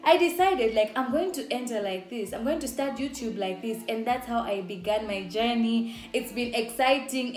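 Upbeat Zambian woman vlogging. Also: fairly high pitch. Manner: upbeat, chatty, laughs often. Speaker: YouTuber. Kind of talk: casual vlog talk to camera. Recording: echoey room with faint music.

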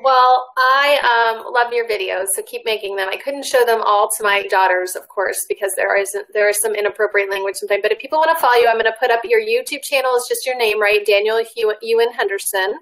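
A woman with a slightly high voice hosts an interview. She asks her questions brightly and welcomingly, steering the talk toward its close with ease. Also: fast, few pauses, poor audio. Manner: upbeat, welcoming, wraps up smoothly. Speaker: television host, interviewer. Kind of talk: friendly interview hosting.

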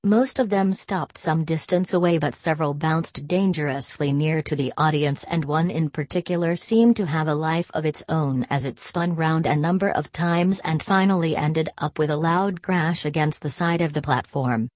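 Low-voiced woman reading a storybook. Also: normal speed, hardly any pauses, a little mellow, no room sound. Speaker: narrator.

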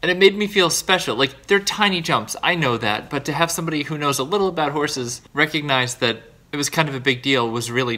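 Earnest, bright-voiced man rambling in a video diary. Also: medium pitch. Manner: earnest, rambling, self-deprecating. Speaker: vlogger.

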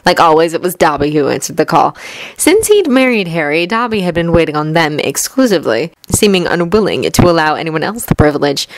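A woman reading fanfiction aloud as an audiobook, in steady, measured storytelling. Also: low-pitched, a little hiss or hum, rough recording. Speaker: fanfiction reader. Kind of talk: audiobook narration.

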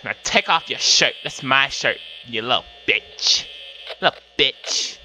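A man's voice: medium pitch, animated, a little slow, sharp tone, a little hiss or hum, pitched below the performer's own voice. A man voicing a bratty, foul-mouthed young woman who taunts in a catty way. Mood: taunting.

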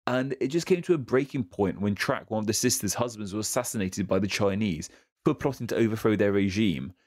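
A man's voice: lowish voice, fairly quick. Chatty man on a podcast. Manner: relaxed, chatty, with fillers and restarts. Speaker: podcast co-host. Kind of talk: casual history podcast chat.

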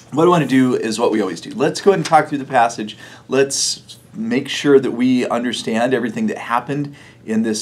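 Guy pastor with a husky voice, chatty sermon, chuckles a lot. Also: medium pitch. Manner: conversational storytelling with chuckles. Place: church.

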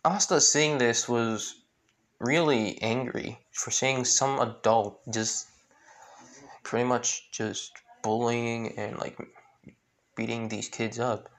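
A man retelling a fan story in a halting way, with many restarts and fillers. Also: medium pitch, fairly even intonation, a bit bright.

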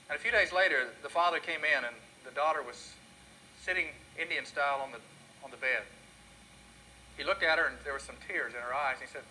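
Male pastor, earnest sermon delivery, very bright tone, slightly high voice. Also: quick pace, pauses often, a little hiss or hum, low-quality recording.

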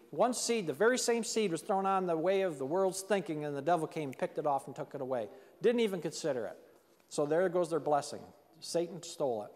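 A man's voice: high-pitched, a little mellow, big-room sound. A man preaching a sermon in a church, talking plainly and acting out quotes of the people in the story. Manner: conversational, plain-spoken preaching with acted-out quotes. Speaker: pastor. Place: church sanctuary.

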